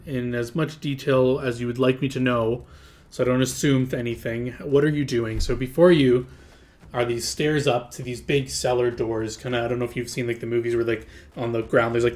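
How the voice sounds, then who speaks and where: A man running a tabletop game as game master, talking in a mid-pitched voice and rambling through long scene descriptions, thick with "like" and restarts, questioning the players about what they do. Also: a little mellow. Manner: rambling, descriptive, full of filler words.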